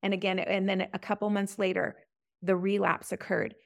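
A middle-aged woman sharing her faith story in an interview, earnest and halting, often restarting her sentences. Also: flat delivery, creaky, no room sound, studio quality. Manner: earnest, halting, many restarts, rises high when recalling prayers. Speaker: podcast guest. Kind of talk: testimony in an interview.

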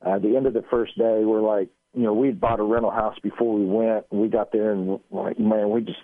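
A man's voice: fairly low pitch, brisk, no echo. A man, a radio show guest, telling his story casually and acting out the quoted lines. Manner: animated, acts out quoted lines. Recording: tinny phone line.

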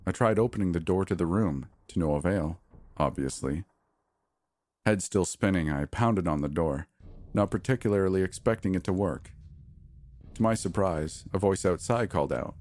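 Deep-voiced male horror narrator. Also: moderate pace, a little mellow, soft background music. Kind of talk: scripted first-person horror narration.

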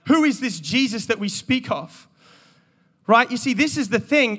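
A man preaches with animated energy, bantering with the people in front of him between points. His voice sits high for a man and rings bright and forceful. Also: normal speed. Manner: animated, joking, calls out to the congregation. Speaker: pastor. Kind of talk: energetic sermon with audience banter.

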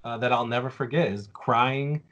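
A man's voice: mid-range voice, normal speed, a bit bright, lo-fi sound. A man in his forties on a casual podcast, telling a story with lots of fillers and restarts. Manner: rambling, with many fillers and restarts.

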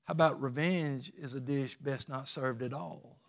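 A man's voice: medium pitch, normal speed, gravelly. A man preaching a sermon in a folksy, emphatic way, with plain rural grammar.

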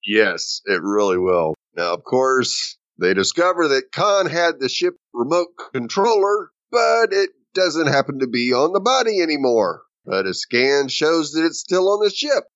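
A man's voice: on the high side, sing-song, a little slow, few pauses, a bit bright, dry recording, dull audio. A man co-hosting a casual chat, narrating plot points and laughing along. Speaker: podcast co-host.

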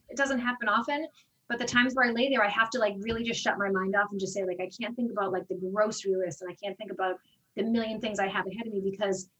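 A woman's voice: medium pitch, far from the mic, low-quality recording. A woman who teaches fitness classes, chatting in an interview and acting out the conversations she retells. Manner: animated storyteller, acts out quoted exchanges. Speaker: fitness instructor. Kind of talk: casual interview talk.

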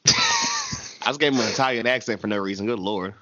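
Podcast co-host, male, 20s, animated and slangy, dry lo-fi recording. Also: mid-range voice, fairly quick, no echo. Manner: animated, slangy, laughs often. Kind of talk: casual chat recapping a TV episode.

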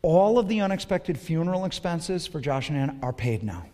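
A man preaching a sermon as pastor, swinging from hushed tenderness to loud fervor, with an altar call in a large church. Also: fairly high pitch, very animated, normal speed. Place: large church sanctuary with a balcony. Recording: long reverb of a large hall with soft music.

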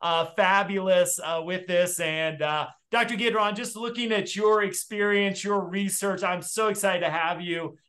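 Male interview host, higher voice, relaxed, chatty welcomes. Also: measured pace, hardly any pauses. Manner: friendly, many "uh" fillers. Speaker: podcast host. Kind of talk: casual interview hosting.

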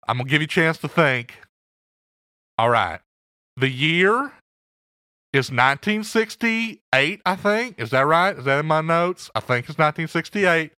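A man's voice: on the high side, bright, forceful tone, smooth, no room sound, studio quality. A man hosting a music show, chatting casually in a playful, joking way. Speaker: podcast host.

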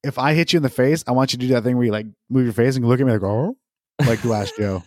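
This podcast co-host is a man with a medium-pitched, darkish voice who speaks rapid-fire, rambling and joking through casual chat with plenty of swearing. The sound is dry and clean, studio quality.

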